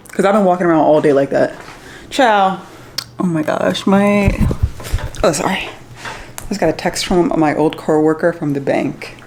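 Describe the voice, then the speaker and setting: A woman's voice: fairly low pitch, a little mellow, a little hiss or hum. A woman in her thirties vlogging from a hotel room, talking casually to her viewers in a chatty, rambling way full of fillers. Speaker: travel vlogger. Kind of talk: casual vlog talk to camera.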